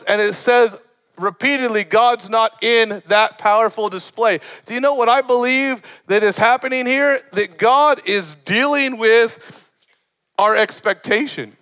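High, bright-voiced man preaching. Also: clear, resonant tone. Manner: impassioned preaching that builds to shouts; punctuates points with short laughs. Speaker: pastor. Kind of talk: sermon.

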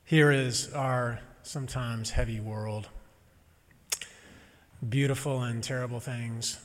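Slow-spoken minister in an echoing hall. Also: male voice, mid-range voice. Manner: gentle, reflective, lightly humorous. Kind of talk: sermon.

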